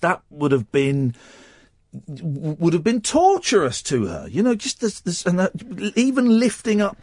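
A man hosting a radio show, telling a personal story while close to tears, halting and restarting often. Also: fairly high pitch, no echo. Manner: halting and tearful, with many restarts. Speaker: radio host.

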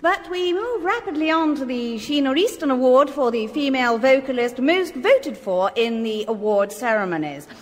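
A woman hosting a mock awards show in a radio comedy sketch, announcing in a brisk, mock-formal way. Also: high voice, animated, crowd noise, background noise.

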